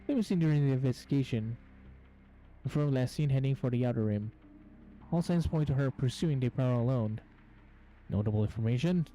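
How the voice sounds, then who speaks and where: A man's voice: medium pitch, brisk, long pauses, dark tone, soft background music, rough recording. A man hosting gameplay commentary, reading on-screen game text aloud and stumbling over words as he goes. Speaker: gaming channel host.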